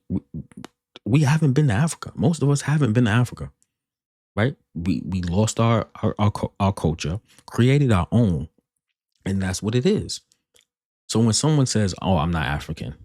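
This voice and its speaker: Hosting a reaction video, a man comments on a played podcast clip, arguing emphatically, repeating himself, and restarting sentences to press his point. His deep, darkish voice comes through a dry, studio-quality recording.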